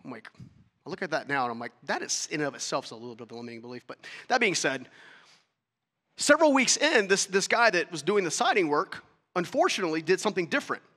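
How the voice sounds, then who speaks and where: A man with a bright, high-pitched voice gives a motivational talk to an audience, telling a story and acting out both sides of the dialogue. He keeps turning to the crowd with questions. His voice rings out with the long reverb of a large hall. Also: big pitch swings, fast talker. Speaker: speaker.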